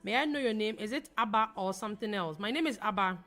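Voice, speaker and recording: A young woman from Ghana hosting a live trading stream, talking fast as she reads viewer comments aloud and answers them. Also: medium pitch, fairly bright tone, soft background music. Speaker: forex trading livestream host. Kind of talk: casual livestream chat reading viewer comments.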